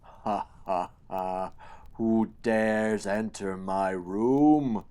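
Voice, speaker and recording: A man voicing a huge purple fungus monster villain who taunts in a slow, gloating manner. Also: on the low side, sing-song, mellow, clean tone, full character voice. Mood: menacing.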